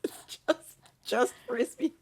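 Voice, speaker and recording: A woman's voice: takes it slowly, crowd noise. A woman co-hosting a podcast, telling dating stories in a casual chat, laughing often and swearing a lot. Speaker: podcast co-host.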